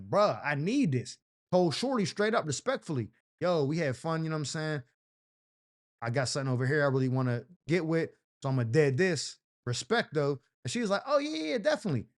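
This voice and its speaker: A man with a fairly high-pitched voice hosts a comedic advice segment. He reads viewers' letters and riffs on them in animated, slang-heavy storytelling, swinging into playful voices for the people he quotes. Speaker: advice show host.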